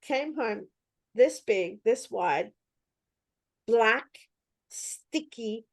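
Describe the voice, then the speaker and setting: A woman's voice: fairly high pitch, expressive, drawn-out words, no echo. A woman telling stories in casual chat, acting out her own reactions with animation. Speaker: host.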